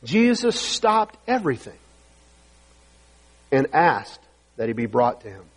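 Male pastor, husky and emphatic, preaching in a long-reverb hall. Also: medium pitch, big pitch swings, unhurried. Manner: emphatic preaching, reads scripture aloud. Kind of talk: sermon.

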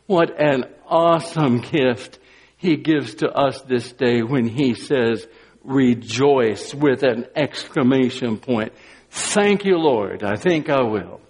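A man preaching an Easter sermon as pastor, moving from quiet, deliberate emphasis to joyful exclamations. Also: mid-range voice, slightly rough. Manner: swings from quiet emphasis to exuberant exclamations, briefly sings. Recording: long hall reverb.

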